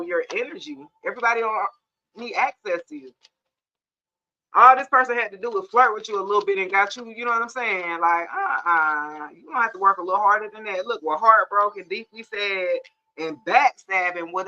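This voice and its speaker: A woman's voice: mid-range voice, a little fast, bright, forceful tone, lo-fi sound. A young woman giving a casual, blunt and sassy tarot reading to camera, with laughing asides. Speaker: tarot reader. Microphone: phone or camera mic.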